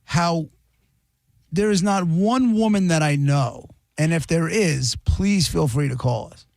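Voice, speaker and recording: A man's voice: fairly high pitch, measured pace, creaky, a little mellow, dry recording, clean studio sound. A man hosting a radio show, trading teasing, wry remarks in casual banter. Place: radio studio. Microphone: studio microphone.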